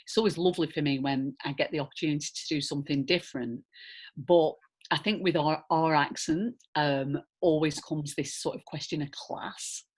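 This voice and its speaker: A woman's voice: low voice, normal speed, husky. A woman with a rounded, slightly old-fashioned Lancashire accent, chatting casually as an actress guest in a Q&A, full of fillers and asides. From northern England. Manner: chatty, animated, many fillers and "do you know what I mean". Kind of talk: casual conversational Q&A.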